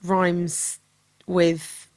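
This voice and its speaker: A woman co-hosts a casual podcast chat and speaks slowly and deliberately. Her replies come out dry and measured, patient even while she is being teased. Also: fairly low pitch. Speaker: podcast co-host. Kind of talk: casual chat, album review.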